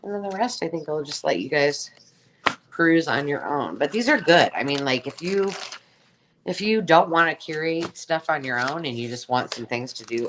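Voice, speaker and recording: Against a noisy background, a woman with an extremely low voice runs a casual live sale of craft supplies. She rambles as she chats and exclaims over each piece she pulls out.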